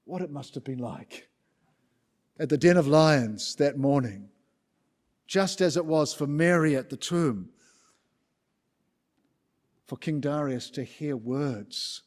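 A man's voice: medium pitch, slow pace, pauses often, darkish tone. A man preaching a sermon in a church, emphatic and building up repeated rhetorical lists.

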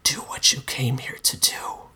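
A man voicing a shadowy male monster in a whispered role-play, his words hushed and flat with no emotion. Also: a little slow. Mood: menacing.

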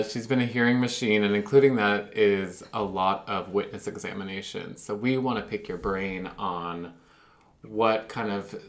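A man's voice: fairly low pitch, a bit bright. A man hosting a podcast, interviewing a guest in an upbeat, casual way. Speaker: podcast host.

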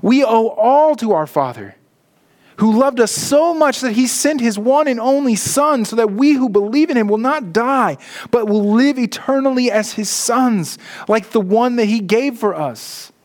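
High-voiced man preaching a sermon. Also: animated, darkish tone. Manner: earnest preaching, slows and drops low for emphasis. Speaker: pastor.

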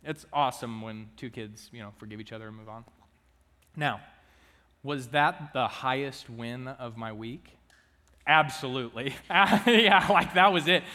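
A man's voice: mid-range voice, unhurried, pushed and bright, long reverb tail. A young man and student minister giving a chatty, joking sermon to his church. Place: church sanctuary.

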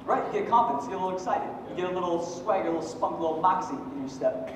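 A man in his thirties preaching a sermon, swinging from loud, emphatic peaks down to quiet joking asides. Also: high-pitched, animated, fast talker, highs cut off, slight background noise. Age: 30s. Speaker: pastor. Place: church hall. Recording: echoey hall from far off.

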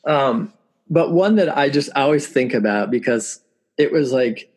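A man in his forties chatting as an interview guest, his voice a little husky. He tells stories loosely, breaking into laughter and acting out what people said. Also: mid-range voice, animated, unhurried, a little mellow. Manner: storytelling, laughs often, acts out quotes. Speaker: musician guest. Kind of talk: casual interview chat.

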